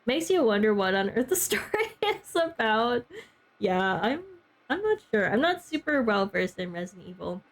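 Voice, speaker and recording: A woman's voice: a little high, sing-song, normal speed. A young woman streaming a game, chatting casually with her chat and peppering her talk with "like" and little laughs. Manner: chatty, heavy use of "like", frequent laughs.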